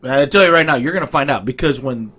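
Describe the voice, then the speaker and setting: A man's voice: medium pitch, fast talker, bright, forceful tone. A man who coaches youth baseball, telling stories in casual chat, rambling and correcting himself as he goes. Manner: rambling, self-correcting, swears freely.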